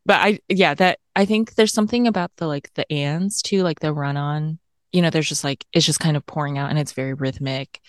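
A woman from Tennessee with a very low voice chats casually about a poem, with plenty of fillers and quick laughs. Her voice sounds close and dry. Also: no room sound. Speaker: podcast co-host. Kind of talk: casual chat about poetry.

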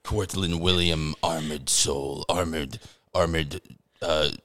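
A man's voice: a bass voice, steady tone, slow, a bit bright, no echo, clean studio sound. A young man, a new father, co-hosting a podcast in rambling, joking casual chat and swearing freely.

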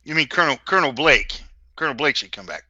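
A man co-hosting a podcast, chiming in during a casual comedic chat with dry, quick interjections. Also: fairly high pitch, lively intonation, pushed and bright, no room sound. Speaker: podcast co-host. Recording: muffled dry mic.

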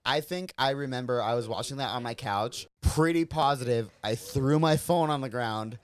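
A man's voice: mid-range voice, moderate pace, clear, resonant tone. A man on a casual podcast, talking loosely, cursing often and calling people dude. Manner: animated, swearing a lot, saying dude. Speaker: podcast co-host.

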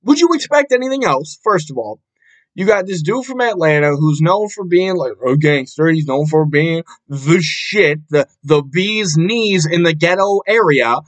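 A young man hosting a casual solo podcast, ranting with a lot of profanity and an exasperated tone, and jumping up into shouts. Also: a little high, animated, moderate pace, rough recording. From Buffalo, New York area. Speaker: podcast host.

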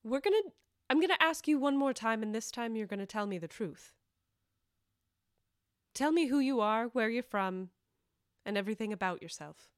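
Woman doing a firm, high-voiced interrogator who won't put up with lies; dry recording. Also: lively intonation, normal speed, long pauses, clean tone, no echo, natural voice. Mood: stern. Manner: stern, demanding. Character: stern, commanding woman interrogator.

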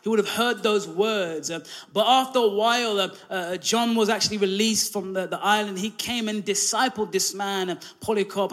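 Pastor guy preaching, high voice, lots of uh and um, tells it like a story, gets loud on the big points. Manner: storytelling, many fillers and restarts, rising to loud emphasis. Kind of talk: sermon.

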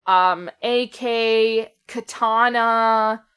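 A woman's voice: on the high side, fairly even intonation, a bit bright, smooth. Joking young woman podcast co-host. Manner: joking, swearing, fast asides. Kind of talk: casual chat over a horror film.

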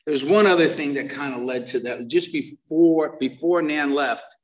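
A man's voice: on the high side, normal speed. A middle-aged man giving a personal recovery share at a meeting, rambling and self-deprecating, with lots of restarts. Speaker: main speaker at a recovery meeting. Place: meeting room before a live audience. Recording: voice picked up from a distance.

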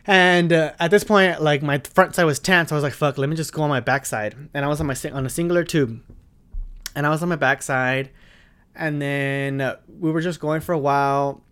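A man's voice: on the high side, fairly even intonation, moderate pace, fairly bright tone, smooth. A young man from Arizona, a podcast host telling a funny story in a rambling, profane, dramatic way. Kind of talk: casual storytelling.

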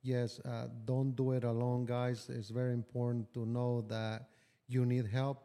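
A man's voice: medium pitch, flat delivery, measured pace, mellow, clear, resonant tone. A man talking as a business-owner guest on a podcast, blunt and profane, telling stories with animation. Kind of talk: casual podcast conversation.

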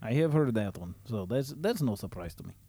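Man playing a deadpan russian tough guy in a comedy sketch, mellow voice that swings around, clipped broken english, dry room. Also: medium pitch, a little fast, slightly rough, dry recording. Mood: stubborn, puzzled. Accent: put-on Russian. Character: blunt, boastful Russian man Ivan, gruff and stubborn.

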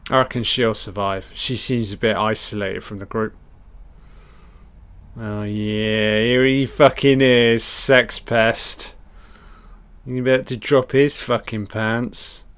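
Slow-talking sarcastic, sweary man. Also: medium pitch, fairly even intonation, a bit bright. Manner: blunt, sarcastic, heavy swearing; dry running critique. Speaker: film commentator. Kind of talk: casual film watch-along commentary.

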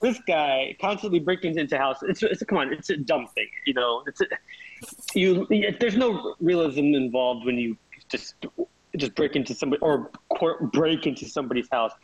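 A man's voice: a little high, lively intonation, normal speed, breathy edge, no room sound. A man talking wrestling on a podcast in casual chat, rambling and emphatic, sometimes laughing mid-sentence. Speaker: co-host wrestling pundit. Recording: dull lo-fi dry recording.

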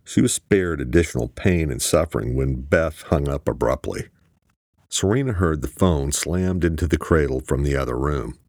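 A man narrating an audiobook in an expressive, crude, scripted style. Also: rumbling low, normal speed, no room sound, clean studio sound.

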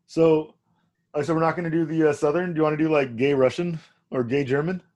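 A man's voice: on the high side, fairly even intonation, quick pace, a little mellow. A man co-hosting a podcast over a video call, crude and teasing in casual chat. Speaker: podcast co-host.

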